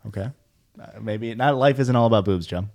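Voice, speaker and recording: A man's voice: mid-range voice, a little fast, a little mellow. Man Midwestern podcast host, dry teasing delivery, casual. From American Midwest. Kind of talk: casual chat.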